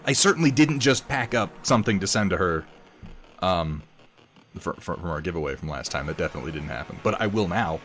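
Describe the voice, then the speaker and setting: A man with a low-pitched, fairly bright voice speaks briskly and expressively while painting on a live stream. Casual and rambling, he mocks himself and greets viewers by reading their chat names, with faint music audible behind him.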